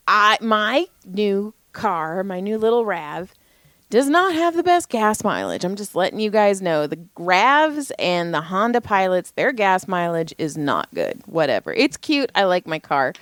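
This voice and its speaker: A woman in her thirties, a podcast co-host telling a story in casual chat, animated, swearing freely and laughing often. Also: mid-range voice, unhurried, no echo, clean studio sound.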